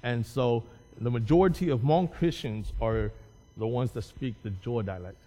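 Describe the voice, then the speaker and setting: A man's voice: medium pitch, normal speed, warm tone. A man, a Hmong pastor, giving an informal talk to a church, explaining patiently and often repeating or restarting his words. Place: church hall. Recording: long echo of a large hall.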